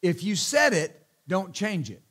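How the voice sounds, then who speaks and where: A man preaches in a notably high voice, punching his points with hallelujahs and amens. He is a middle-aged pastor who slips into teasing asides before returning to the sermon. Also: big pitch swings, measured pace, a bit bright. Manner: emphatic, repeats hallelujah and amen, joking asides.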